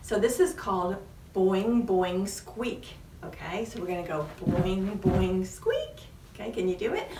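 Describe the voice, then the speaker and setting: A woman with a New England accent leading a preschool storytime at a library, animated and sing-song, with high squeals on reveals. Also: unhurried, background noise. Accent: New England American. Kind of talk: preschool storytime with rhymes and songs. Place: library room. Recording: echoey room, mic at a distance.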